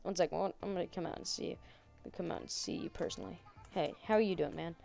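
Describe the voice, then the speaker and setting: A woman's voice: lowish voice, quick pace, gravelly, warm tone, soft background music. A woman playing a horror game and commenting on it, sarcastic and jokey, chatting to the characters on screen. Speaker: gaming channel host.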